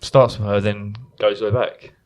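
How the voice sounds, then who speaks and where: A man's voice: on the low side, flat delivery, unhurried, a little hiss or hum. A man guest on a podcast, chatting casually with dry, blunt quips. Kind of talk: casual banter.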